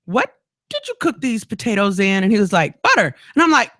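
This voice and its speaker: A woman's voice: medium pitch, fairly quick, dry recording, studio quality. Chatty, laughing woman radio host. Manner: chatty, laughs often, animated storytelling. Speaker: radio talk show host. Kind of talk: casual interview chat. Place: radio studio.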